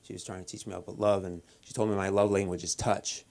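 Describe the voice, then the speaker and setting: Brief: low, gravelly-voiced male comic, deadpan, stop-start delivery on a club stage mic. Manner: deadpan, halting with many restarts and fillers. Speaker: stand-up comedian at open mic. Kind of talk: stand-up comedy set.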